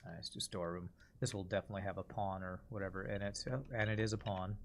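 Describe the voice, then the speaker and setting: Low-voiced man musing through a game. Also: level tone, quick pace. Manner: musing aloud, mumbling while deciding. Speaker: streamer playing a puzzle game. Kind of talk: casual gameplay commentary.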